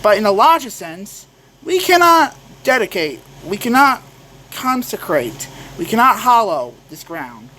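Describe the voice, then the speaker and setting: A young man doing a slow, solemn impression of President Lincoln reciting a speech, with halting restarts. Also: high-pitched, sing-song, pushed and bright, a little hiss or hum, full character voice, poor audio.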